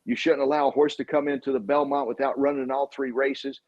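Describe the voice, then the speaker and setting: Give me a husky-voiced man telling loose, filler-heavy sports stories in an interview, on a dull lo-fi recording. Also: medium pitch, level tone, brisk, a little mellow. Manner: rambling anecdotal, many fillers. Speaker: sportscaster guest. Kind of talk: casual interview storytelling.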